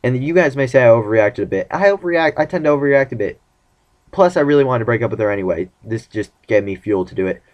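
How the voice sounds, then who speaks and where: A man's voice: mid-range voice, lively intonation, fast talker. Chatty young man, lo-fi webcam sound. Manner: chatty, rambling, self-mocking. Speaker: vlogger. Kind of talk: casual storytelling vlog.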